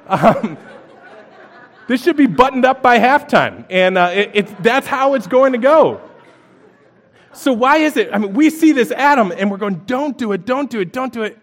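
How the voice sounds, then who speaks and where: A man preaching a sermon, reading scripture aloud and breaking into animated storytelling with playful asides. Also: on the high side. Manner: reads scripture passages aloud. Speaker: pastor.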